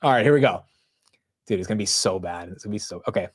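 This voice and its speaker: Fast-talking and husky with a fairly low pitch, a man from the United States runs a livestream of market commentary. He keeps it slangy and conversational, laughing a lot and addressing viewers as "bro" and "dude."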